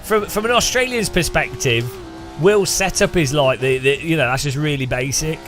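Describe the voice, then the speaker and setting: A man talks casually while streaming a racing game, teasing and joking with his viewers. His voice sits a little high, and soft music plays faintly behind him. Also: moderate pace. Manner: teasing, joking, chatty with restarts. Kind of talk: casual gameplay commentary.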